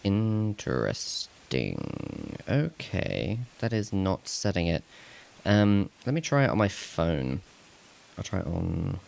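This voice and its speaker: Slow, gravelly low-voiced man streaming. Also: big pitch swings, a little mellow. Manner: rambling, talks to himself while fixing tech; laughs at himself, self-mocking. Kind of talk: casual live-stream chat.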